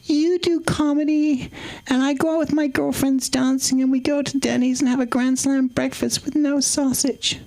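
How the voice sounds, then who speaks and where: A man putting on a high falsetto to play his calm, breezy ex-girlfriend in a stand-up bit. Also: moderate pace, creaky, low-quality recording. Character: middle-aged woman, ex-girlfriend, calm and breezy.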